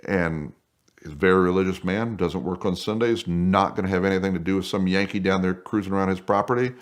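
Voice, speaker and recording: A man telling a casual anecdote in a lively way. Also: sits low, fairly quick. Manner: animated, acts out voices in quotes. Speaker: guest storyteller.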